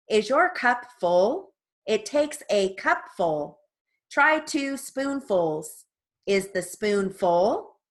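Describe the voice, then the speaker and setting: A woman's voice: mid-range voice, fairly bright tone. A woman reading sentences and legal terms aloud as stenography dictation practice, with casual asides between drills. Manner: slow, evenly spaced dictation.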